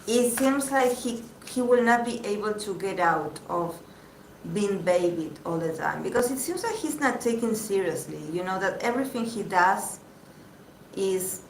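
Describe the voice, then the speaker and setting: A woman giving a casual live tarot reading, chatty and halting with many fillers. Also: mid-range voice, lively intonation. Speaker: tarot reader. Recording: echoey room with faint background noise.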